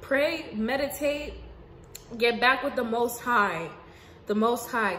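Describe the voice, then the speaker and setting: A woman giving an unscripted spiritual monologue to her viewers, casual and profane, swinging between emphatic outbursts and hushed asides. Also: a little high, takes it slowly. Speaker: spiritual vlogger. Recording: roomy echo with faint background noise.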